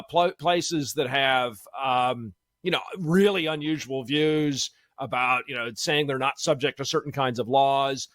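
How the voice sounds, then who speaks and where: A man talks as a guest on a radio show. His voice is bright, forceful and fairly high, and he thinks aloud with many fillers and restarts. The sound is dry and close. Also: no echo. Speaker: law professor guest. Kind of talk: casual radio interview. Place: radio studio.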